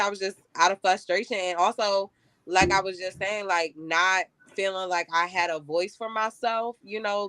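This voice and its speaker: A woman's voice: lowish voice, fairly bright tone, smooth, no echo. A young woman in casual conversation, candidly recounting her dating mistakes and saying "like" and "you know" often. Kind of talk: casual chat.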